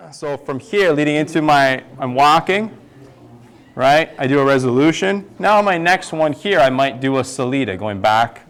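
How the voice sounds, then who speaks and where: A male tango instructor teaching a dance class, counting the steps aloud as he demonstrates them. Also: medium pitch. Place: dance studio.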